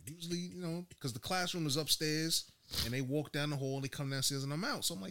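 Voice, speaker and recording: A man's voice: on the high side, fast. A man in his thirties, telling a story animatedly in casual chat as a podcast host. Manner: animated storytelling with laughs and slang.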